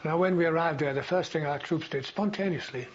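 An older veteran speaks briskly in a slightly high voice during an oral history interview. His memories come out rambling, full of fillers and false starts. Faint hiss runs through the dull, lo-fi audio.

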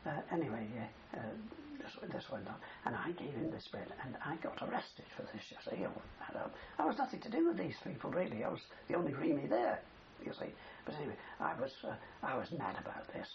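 Amid crowd noise, a war veteran being interviewed rambles through a long story from the war, peppering it with "you see." His voice sits on the high side, creaky and fairly quick, with big pitch swings and hardly any pauses, on a dull, faintly hissing old recording.

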